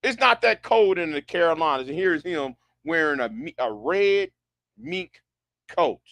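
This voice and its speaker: A man's voice: fairly high pitch, expressive, a little slow, vocal fry, fairly bright tone, no echo. A man delivering a sarcastic, incredulous rant as an online commentator, often repeating himself. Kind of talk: ranting commentary.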